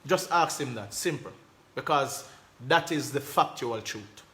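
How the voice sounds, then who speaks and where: Lively Jamaican man with bright voice. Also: medium pitch, unhurried. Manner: animated, repetitive, emphatic, Jamaican patois phrasing. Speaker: host. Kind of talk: casual live-stream talk reading comments.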